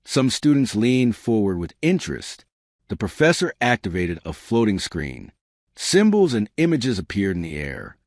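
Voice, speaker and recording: A man narrating a science fiction story with steady, scripted delivery. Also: lowish voice, normal speed, no echo, clean studio sound.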